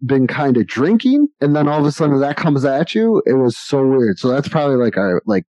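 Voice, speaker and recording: A man's voice: mid-range voice, big pitch swings, a little fast, dark tone, dry recording. A man in his forties on a podcast, telling rambling stories with frequent laughs. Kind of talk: casual storytelling. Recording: dull lo-fi dry recording.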